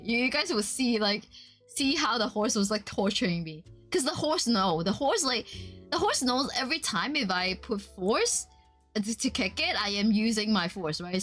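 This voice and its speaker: A woman streamer chatting casually while she draws, telling a story in an animated way with frequent laughter. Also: a little high. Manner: animated storytelling, laughs often, voices quotes.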